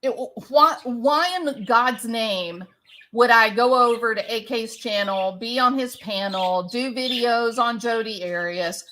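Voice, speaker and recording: A woman's voice: on the high side, slow pace, a bit bright. A woman commentator giving a defensive, ranting monologue to her viewers, often repeating herself. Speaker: online commentator.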